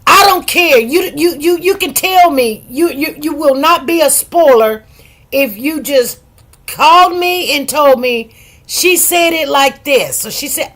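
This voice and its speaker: A middle-aged woman chats on her own live stream in an easy, rambling way. Her voice sits a little high, and she greets her viewers one by one and doubles and triples words to drive a point home. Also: a little slow, a bit bright. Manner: chatty, greets viewers by name, repeats words for emphasis. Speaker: livestream host. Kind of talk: casual live-stream chat.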